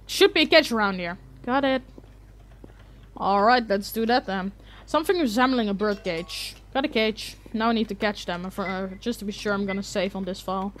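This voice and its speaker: A woman's voice: medium pitch, normal speed, a little hiss or hum. A young woman chatting casually as she plays an RPG, restarting sentences as she thinks aloud. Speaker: let's play gamer. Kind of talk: casual game commentary.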